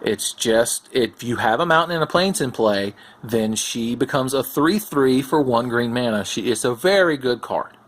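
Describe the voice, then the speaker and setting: A man's voice: medium pitch, moderate pace, hardly any pauses. Sarcastic, foul-mouthed young man. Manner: profane, sarcastic, animated. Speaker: host. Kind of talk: casual comic card commentary.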